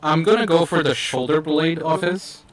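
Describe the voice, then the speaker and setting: Higher-voiced man playing a tabletop game. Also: moderate pace, soft background music. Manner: casual, profane. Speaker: player. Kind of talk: casual chat in a tabletop game.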